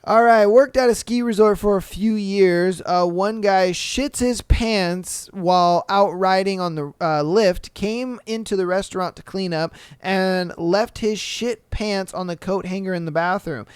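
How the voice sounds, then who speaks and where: Male podcast host, unhurried, clear smooth voice, loose profane reactions between readings. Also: sits high, dry recording. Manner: laid-back, profane, joking asides. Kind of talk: reading listener stories aloud and reacting.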